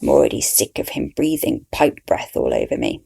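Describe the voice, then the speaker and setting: A woman's voice: very deep voice, wildly swooping pitch, normal speed, gravelly, dark tone, breathy edge, voice pushed down, exaggerated voice. A woman voicing a haughty, tactless aristocratic lady medium in an audio story. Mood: tetchy. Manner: imperious, tetchy.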